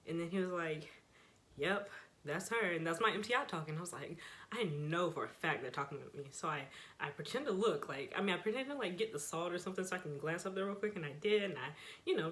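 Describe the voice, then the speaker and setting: A woman's voice: lowish voice, fairly bright tone. A young woman vlogger telling a personal story in a casual, chatty way, often laughing as she goes. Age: young adult.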